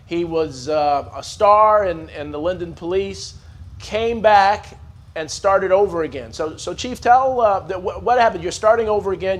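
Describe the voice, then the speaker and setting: A man hosting a business podcast, asking questions with hesitant fillers. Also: sits high. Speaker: podcast host. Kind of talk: interview hosting.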